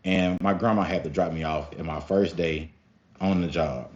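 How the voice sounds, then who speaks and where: A young man telling a story casually to his viewers, animated and profane, often calling them y'all. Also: deep voice, normal speed. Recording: slightly dull lo-fi sound with faint music.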